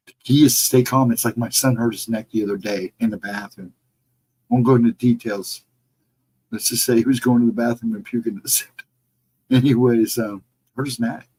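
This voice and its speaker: A middle-aged man hosting a casual livestream, reading the chat and answering viewers in a relaxed, reassuring way. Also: medium pitch, normal speed, slight background noise, low-quality recording. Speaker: livestream host.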